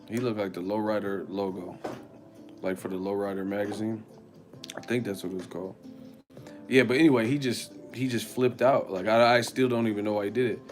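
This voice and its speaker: A man chats on his live stream and tells a rambling story, loud and full of swearing. He often jumps into shouted impressions of other people. Faint music plays behind him. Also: mid-range voice. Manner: animated storytelling, swearing, loud put-on voices. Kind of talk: casual live-stream chat.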